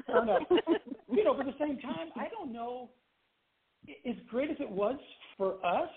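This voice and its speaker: Animated high-voiced man from Canada on a phone line. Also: moderate pace. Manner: animated, laughing storyteller. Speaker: guest, former child pop singer. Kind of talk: casual interview storytelling.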